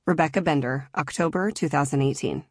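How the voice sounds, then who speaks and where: Female author-narrator, 30s, measured and earnest, low voice, dry studio read. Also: darkish tone, no echo. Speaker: author narrating her memoir. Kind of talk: audiobook memoir narration.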